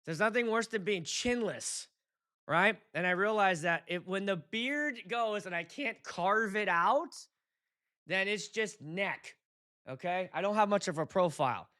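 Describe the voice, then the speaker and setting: A man's voice: high voice, expressive, measured pace, bright, forceful tone. A man in his thirties hosting a casual livestream, chatty and rambling, with self-deprecating jokes. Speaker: DJ and show host.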